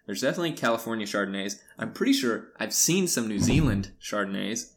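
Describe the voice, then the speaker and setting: A man co-hosting a casual podcast, speaking with a lowish voice. His delivery is dry and teasing, full of mock confidence. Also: expressive, fast. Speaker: podcast co-host. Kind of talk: casual chat.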